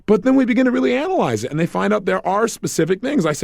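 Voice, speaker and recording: A man giving a recorded self-help lecture, energetic and acting out little dialogues. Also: sits high, racing, creaky, few pauses, no echo, studio quality. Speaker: motivational speaker.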